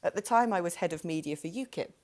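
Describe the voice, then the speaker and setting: A woman's voice: lowish voice, animated, quick pace, darkish tone. A woman on a studio talk panel telling stories with dry, wry humour.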